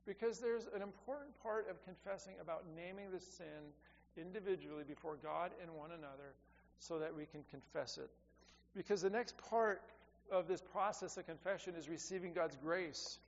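A middle-aged man preaching a sermon as a pastor, earnest and repetitive, swinging between loud and soft. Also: high voice, normal speed, creaky. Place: church sanctuary. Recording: dull lo-fi sound with long hall reverb and faint hum.

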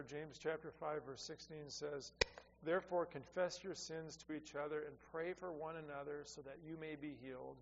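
A middle-aged male pastor with a high-pitched voice preaches an earnest sermon, repeating key phrases and swinging from soft to loud. The sound is dull and lo-fi, with a long reverb trailing off the walls of a church and a faint hum underneath. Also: vocal fry. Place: church sanctuary.

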